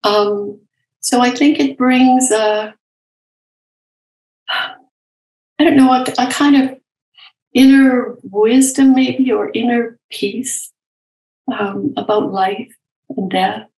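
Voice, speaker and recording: An older woman, a nurse and professor, talking candidly and gently as an interview guest, telling stories from her career. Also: fairly high pitch, slow pace, pauses often, roomy sound, low-quality recording. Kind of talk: reflective storytelling in conversation.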